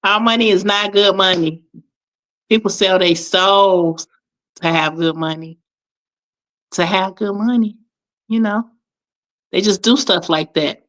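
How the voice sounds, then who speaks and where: A woman co-hosting a casual livestream chat, animated and swearing as she talks. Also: takes it slowly, pauses often. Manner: animated, swears, exclaims in a high voice. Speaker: livestream co-host.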